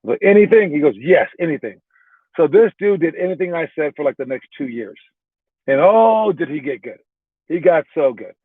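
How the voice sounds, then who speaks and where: A man's voice: on the high side, expressive, moderate pace, husky, dry recording. A young adult male basketball coach recapping a training session and telling a story in a casual, chatty way, with fillers and restarts. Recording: tinny phone-like sound.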